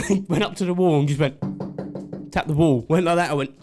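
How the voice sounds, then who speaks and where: A man's voice: a little high, fairly quick, darkish tone. A man co-hosting a podcast, telling a rambling story in casual chat and giggling often. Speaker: podcast co-host.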